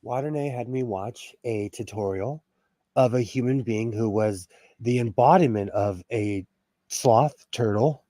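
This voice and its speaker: A man from California hosting a sewing livestream, telling stories in a playful, animated way with plenty of laughter. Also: medium pitch, a little slow, dry recording. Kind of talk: casual chat.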